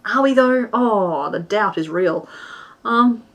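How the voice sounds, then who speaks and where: A woman's voice: medium pitch, animated, takes it slowly, fairly bright tone. A woman hosting a crochet livestream, chatting casually and giggling while she answers chat and counts stitches aloud.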